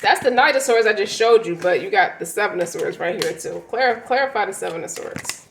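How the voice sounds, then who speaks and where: A woman's voice: mid-range voice, lively intonation, fairly quick, gravelly, reverberant, a little hiss or hum, low-quality recording. Blunt, slangy woman reading tarot. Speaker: tarot reader.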